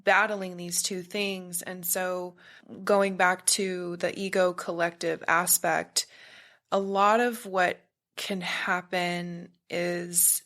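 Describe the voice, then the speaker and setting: A woman's voice: on the low side, flat delivery, slow pace, fairly bright tone. A woman talking as a podcast guest in a meandering, searching way, sometimes buzzing to illustrate a point. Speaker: podcast guest, spiritual practitioner. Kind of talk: casual conversation.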